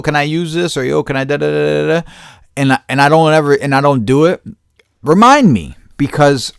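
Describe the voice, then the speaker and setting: A man hosts a casual chat in a smooth voice with a lively, swinging pitch, dropping swear words freely and breaking into laughs. The sound is dry and close, with no room around him. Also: no room sound. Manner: loose, profane, laughing asides. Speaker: podcast host.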